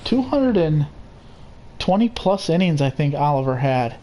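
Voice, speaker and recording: A young man calling a baseball game play by play, steady and unhurried, with casual asides. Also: a little high. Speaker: play-by-play commentator. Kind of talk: simulated baseball commentary.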